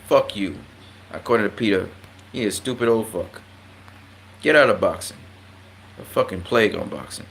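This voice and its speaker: A man at a middle pitch ranting casually about his sport, blunt and full of swearing. He gets heated and jumps into loud, high-pitched outbursts before dropping back to a low mutter. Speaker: boxing commentator.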